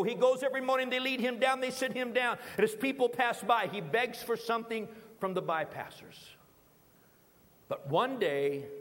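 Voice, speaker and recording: A man preaching a sermon in a church, dramatic with repeated phrases and sudden hushed drops. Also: extremely high pitch, big-room sound. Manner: dramatic, rhythmic repetition, sudden drops to quiet. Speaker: pastor. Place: church sanctuary.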